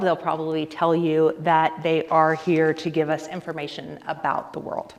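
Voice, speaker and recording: A woman giving a conference lecture, explaining ideas in a lively, conversational way with frequent fillers and asides to the audience. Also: low-pitched, moderate pace, few pauses. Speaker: conference speaker.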